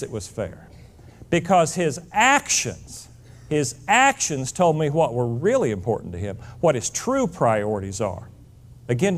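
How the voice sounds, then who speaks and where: A man's voice: medium pitch, darkish tone. Blunt, emphatic middle-aged male speaker. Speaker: motivational speaker. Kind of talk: motivational speech.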